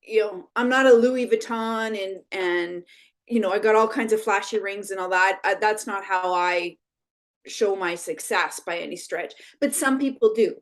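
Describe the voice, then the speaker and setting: A woman guest on an interview show, an animated storyteller who often tags her points with "right?". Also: medium pitch, moderate pace. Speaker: brand expert guest. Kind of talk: conversational interview.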